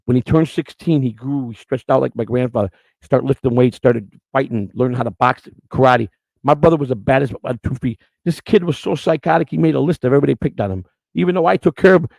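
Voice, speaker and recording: A middle-aged man, talking fast in a gravelly, fry-heavy voice. He hosts a podcast and tells his life story bluntly and emotionally, with plenty of profanity. The sound is dry and close, with no room echo. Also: mid-range voice, a little mellow. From Chicago. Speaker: podcast host.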